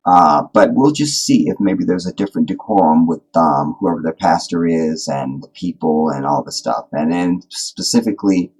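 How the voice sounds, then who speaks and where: A man hosting a casual livestream, talking in an animated, rambling, joking way. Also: low-pitched, rough recording. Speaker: livestream host.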